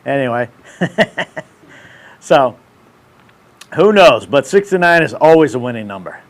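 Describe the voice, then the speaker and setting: A man's voice: mid-range voice, sing-song, a little slow. A man in his thirties hosting a casual livestream, ranting in brash, profane, slangy banter. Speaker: show host.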